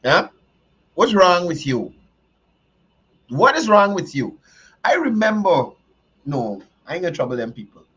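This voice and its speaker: A man's voice: high voice, big pitch swings, unhurried, long pauses, a bit bright, husky. A man hosting a show, giving emphatic, joking commentary that repeats its points. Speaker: show host. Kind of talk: casual commentary. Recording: dull lo-fi sound.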